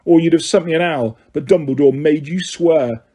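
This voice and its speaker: Man reading as a sulky teenage boy wizard, sharp, demanding, husky. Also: fairly high pitch, normal speed, close to an everyday voice. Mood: angry.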